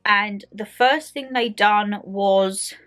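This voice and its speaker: A young woman with an Essex accent chatting to camera as a vlogger, telling a story in a lively way and acting out the people in it. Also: medium pitch, takes it slowly. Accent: Essex English. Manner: chatty, animated storytelling with acted quotes. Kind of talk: casual chat to camera. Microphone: handheld phone camera.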